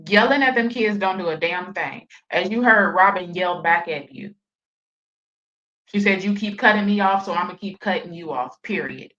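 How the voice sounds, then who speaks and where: A woman's voice: medium pitch, fairly bright tone. Woman reacting on stream, blunt, cussing, scolding, muffled lo-fi audio. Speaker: reaction commentator. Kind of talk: livestream reaction commentary.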